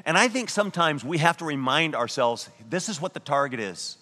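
A man preaching a sermon as pastor, telling a story and slowing down to stress key words. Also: a little high, big pitch swings, bright, forceful tone, in a large hall. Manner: earnest storytelling preaching, slows down for emphasis.

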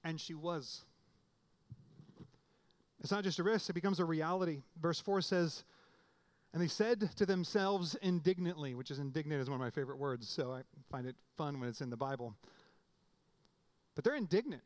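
A man with a somewhat high voice preaching a sermon in a relaxed, conversational way. He often restarts his phrases and then jumps up in pitch to stress a point. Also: normal speed, pauses often. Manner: conversational preaching with restarts and sudden emphatic rises. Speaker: pastor.

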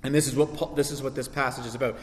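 A male pastor preaching a sermon, animated, acting out quoted voices with sarcasm. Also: medium pitch, very fast. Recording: echoey hall reverb.

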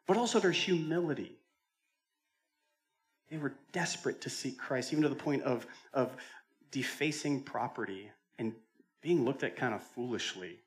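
A pastor preaching a conversational sermon, telling the stories dramatically and swinging between loud and hushed delivery. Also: male voice, mid-range voice. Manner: conversational, with repeated restarts. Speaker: senior pastor.

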